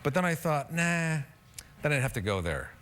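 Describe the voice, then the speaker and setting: Talk show guest, male, 50s, mid-pitched, deadpan self-deprecating storyteller, faint background noise. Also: fast talker. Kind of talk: casual anecdotal storytelling. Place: television studio.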